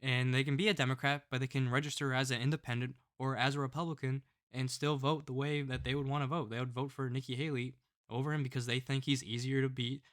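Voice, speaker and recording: A man's voice: mid-range voice, level tone, fast talker, a bit bright. Scornful ranting male political vlogger. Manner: scornful, ranting, keeps tagging "all right?". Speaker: political commentator. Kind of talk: political commentary vlog.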